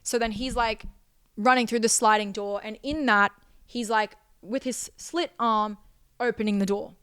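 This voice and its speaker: A woman's voice: a little high, steady tone, moderate pace, a bit bright, clear, resonant tone, no room sound, clean studio sound. A young woman, hosting a podcast and telling a personal story in an emotional, rambling way full of repeated phrases. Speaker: podcast host.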